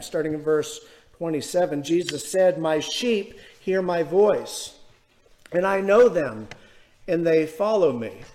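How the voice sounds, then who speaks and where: A man preaching a sermon earnestly, slowing down to stress key words. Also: a little high, a little mellow. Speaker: pastor.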